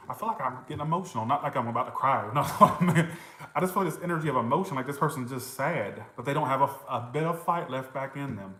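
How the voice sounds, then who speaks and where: A man's voice: medium pitch, animated, fast, bright, forceful tone, reverberant, rough recording. A man giving a casual tarot reading, chatting to viewers, reacting to comments, swearing and laughing now and then. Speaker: tarot reader.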